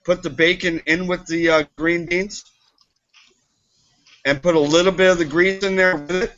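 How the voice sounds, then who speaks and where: A man's voice: high-pitched, fairly even intonation, normal speed, a bit bright. A man in casual chat explaining a recipe step by step. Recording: dull lo-fi sound.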